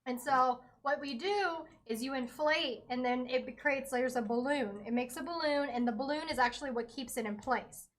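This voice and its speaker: Woman, high voice, casual chat, patient medical explanations. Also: moderate pace, few pauses. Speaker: guest explaining hospital procedures.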